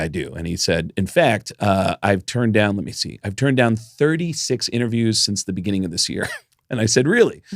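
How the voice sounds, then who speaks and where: A man's voice: fairly low pitch, vocal fry, no room sound. Middle-aged guy telling a story on a podcast, does the voices, swears a bit, dry close mic. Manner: animated storyteller, acts out quoted voices, swears casually. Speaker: podcast co-host. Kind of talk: casual storytelling chat.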